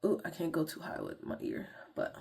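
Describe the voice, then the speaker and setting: A woman's voice: low-pitched, huge pitch swings, brisk, gravelly, darkish tone, slightly rough. A young woman vlogger chatting casually to viewers in slangy talk while walking through her skincare routine. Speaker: beauty vlogger.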